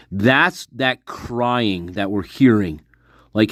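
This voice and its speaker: A man's voice: mid-range voice, lively intonation, slow pace, dry recording, studio quality. A man talking to his viewers in a casual monologue, speculating intensely, repeating himself and swearing often. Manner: intense, repetitive, profane speculation. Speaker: online commentator.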